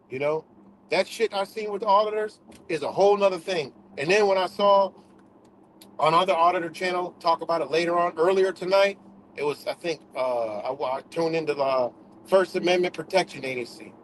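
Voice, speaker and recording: A man's voice: sits high, moderate pace, fairly bright tone, slight background noise, rough recording. A man hosting a livestream in a casual, profane rant, repeating himself for emphasis. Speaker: livestream host.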